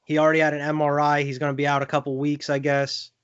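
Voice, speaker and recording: A man's voice: a little high, monotone, fast talker, clean tone, dull audio. A young man co-hosting a sports podcast, talking loosely with lots of fillers and laughs. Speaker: podcast co-host. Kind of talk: casual sports chat.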